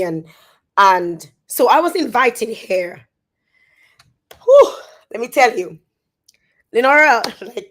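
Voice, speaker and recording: A woman with a Dominican accent, talking on a phone live stream. She speaks haltingly and repeats words as she tries to stay composed. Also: mid-range voice. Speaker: social media influencer. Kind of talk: emotional live-stream monologue.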